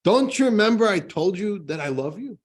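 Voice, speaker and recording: Indignant old husband in a told joke, high and loud, slightly husky, voiced by a man. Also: animated, fairly quick. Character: exasperated long-married husband, indignant.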